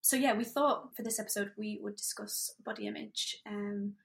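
Woman with a gravelly, creaky voice. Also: mid-range voice, normal speed. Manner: relaxed, chatty, with hesitant fillers. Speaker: podcast co-host. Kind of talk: casual chat.

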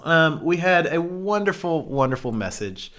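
A male podcast co-host in loose, casual conversation. His pitch swings widely as he jokes, with a playful and bawdy streak. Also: very animated, normal speed, a bit bright. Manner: playful, bawdy, frequent laughter. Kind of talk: casual chat.

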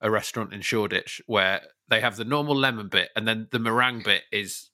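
Dry, teasing bright-voiced male co-host. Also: fairly low pitch, brisk. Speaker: podcast co-host. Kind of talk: casual chat.

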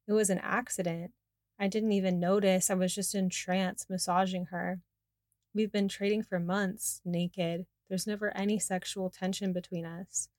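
A man's voice: high-pitched, level tone, no room sound, clean studio sound, natural voice. A woman reading the lines of a defensive adult man in her own voice. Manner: defensive, quick explanations.

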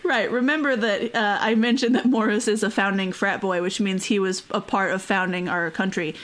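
A woman's voice: medium pitch, steady tone, moderate pace, a bit bright. A woman hosting a casual history podcast. She is chatty, uses many fillers and laughs often. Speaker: podcast host.

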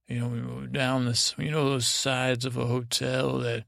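Gravelly man rambling a bedtime story. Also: level tone, fairly bright tone, no echo, clean studio sound. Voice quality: gravelly, low-key drone. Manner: meandering, halting, with many restarts and trailing asides. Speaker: sleep podcast host.

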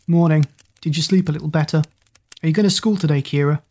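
A woman's voice: low voice, fast, a little mellow. A woman voicing a male talking doll, teasing and dry. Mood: wry. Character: wry talking doll, gloomy male friend.

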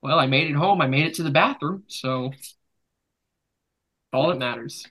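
Bright-voiced man rambling casually. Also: on the high side, moderate pace. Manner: rambling, jokey storytelling with swings into loud bursts. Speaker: podcast host. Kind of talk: casual chat.

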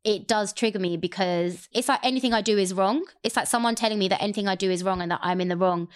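A woman's voice: mid-range voice, smooth. A young woman telling a personal story candidly in a casual chat. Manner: candid, rapid, expressive storytelling. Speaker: guest sharing a personal story.

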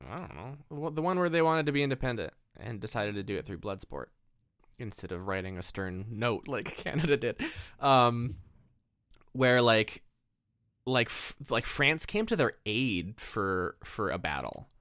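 A man's voice: medium pitch, sing-song, normal speed, fairly bright tone, no room sound, studio quality. A man co-hosting a podcast in casual chat, rambling and laughing often, with lots of fillers. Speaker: podcast co-host.

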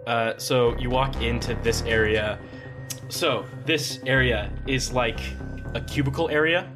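A man's voice: mid-range voice, over music. A man running a tabletop role-playing game as game master, narrating scenes in a casual, joking way. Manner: casual, laughing, quick asides.

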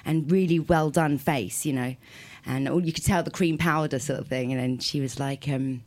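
As a guest musician in a casual interview chat, a low-pitched woman from South London, England, talks about her past at a brisk pace. She rambles from story to story, laughs frequently, and keeps restarting and correcting her sentences.

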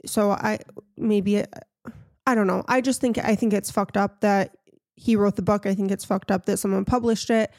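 A woman's voice: mid-range voice, steady tone, normal speed, a little mellow, dry recording, studio quality. A woman hosting a casual podcast, frank and opinionated, telling a story to her co-host.

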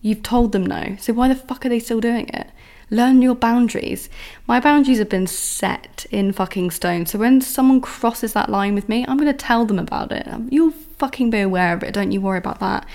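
A woman's voice: a little high, moderate pace, darkish tone. A young woman hosting a podcast, telling a story in an exasperated, ranting monologue with heavy swearing. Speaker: podcast host. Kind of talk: candid solo monologue.

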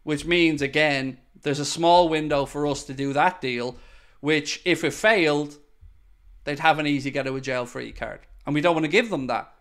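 A man's voice: on the high side, normal speed, a bit bright. A man hosting a casual live-stream podcast, answering viewer comments bluntly and swearing when worked up.

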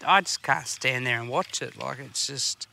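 A man's voice: mid-range voice, normal speed, creaky, sharp tone. An Australian man hosting a fishing podcast from a boat, bluntly swearing his way through rambling stories. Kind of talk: casual banter while fishing. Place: outdoors on a boat on a river. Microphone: portable recording equipment on the boat.

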